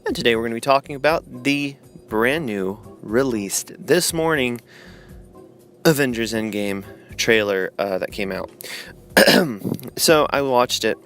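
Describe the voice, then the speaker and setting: A man giving a sarcastic, swearing rant about a movie trailer, his voice jumping high and loud when he gets worked up. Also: expressive, a little slow, soft background music. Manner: voice jumps high and loud in outbursts. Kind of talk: casual rant to camera.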